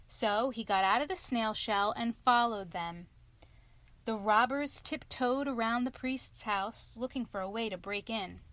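A woman narrating a children's storybook aloud in a clear, expressive reading. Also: a little high, measured pace, no room sound.

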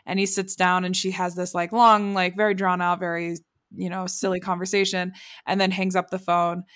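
A woman's voice: fairly low pitch, little pitch movement, normal speed, fairly bright tone. A woman co-hosting a podcast, chattily recapping episodes in casual conversation with laughter. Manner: chatty plot recap, drifting into quoted voices and laughter. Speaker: podcast co-host. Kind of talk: casual chat.

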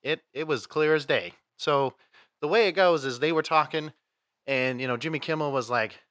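Bright-voiced rambling podcast guy. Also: on the high side, moderate pace, dry recording, clean studio sound. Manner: rambling storyteller, acts out quoted voices. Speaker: podcast co-host. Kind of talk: casual chat.

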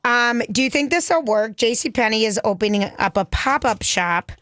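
A woman's voice: fairly high pitch, animated, normal speed, a bit bright, dry recording, studio quality. A woman co-hosting a casual morning radio show, sharing news tidbits in a chatty, giggly way. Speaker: radio co-host.

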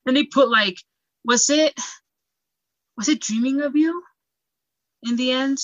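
A young woman from Equatorial Guinea, a pageant titleholder and singer, chatting in an interview with frequent laughter and animated storytelling. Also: sits high, measured pace, no room sound, muffled recording. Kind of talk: casual interview chat.

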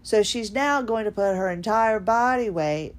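Woman, podcast host, casual monologue, quick folksy talk, mid-pitched voice. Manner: fast-talking, folksy, animated.

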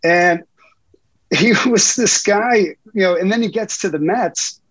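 A man's voice: sits high, a little slow, a bit bright, no echo, rough recording. A middle-aged man and guest reporter telling profane anecdotes in a casual interview, laughing often.

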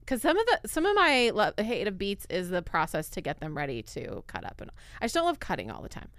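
A woman's voice: medium pitch, wildly swooping pitch, fairly quick, a bit bright, no echo, clean studio sound. A woman co-hosting a podcast, chatting casually and playfully with many "like"s. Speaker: podcast co-host. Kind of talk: casual chat.

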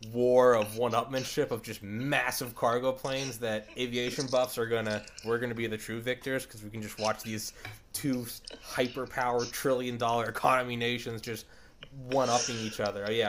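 A man's voice: medium pitch, a little hiss or hum. A man hosting a podcast in casual chat. He rambles and swears with enthusiasm. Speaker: podcast host.

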